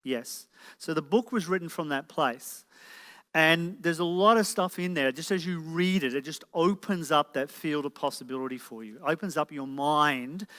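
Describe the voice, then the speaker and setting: A man with a slightly high, somewhat bright voice presents live to an audience in an event hall, the sound echoing around him. As a motivational speaker, he leans heavily on rhetorical questions.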